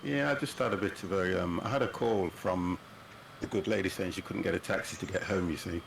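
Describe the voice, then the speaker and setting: Setting up a flight game on his livestream, a host in his fifties chats easily and laughs a lot. He speaks fairly quickly in a low, gravelly voice.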